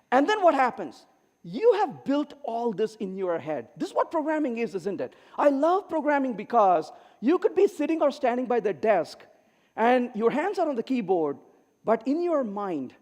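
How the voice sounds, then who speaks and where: A middle-aged man giving a humorous conference keynote, telling stories and acting out the lines of the people in them. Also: high-pitched. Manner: animated, acts out quoted dialogue. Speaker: keynote speaker. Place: large conference hall. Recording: reverberant hall.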